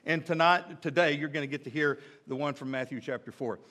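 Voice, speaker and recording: Conversational pastor preaching. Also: male voice, fairly high pitch, a little fast, pushed and bright. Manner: conversational, joking asides, frequent "uh" and "right?". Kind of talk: sermon. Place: church sanctuary.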